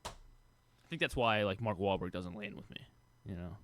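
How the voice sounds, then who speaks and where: Male co-host, lowish voice, dry teasing questions, casual banter. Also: normal speed, a bit bright, a little hiss or hum. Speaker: radio co-host. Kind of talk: casual sports radio banter.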